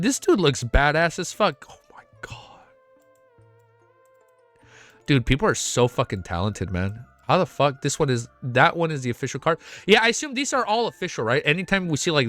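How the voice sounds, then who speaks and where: A man reacting live on stream, excitable and emotional, cursing often as he talks to chat. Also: a little high, dry recording. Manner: excitable, swears a lot, emotional. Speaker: streamer reacting to web novel fan art.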